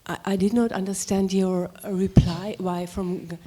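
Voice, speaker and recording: A woman in the audience asking a question in a hesitant, halting way. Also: medium pitch, little pitch movement, warm tone, a little hiss or hum.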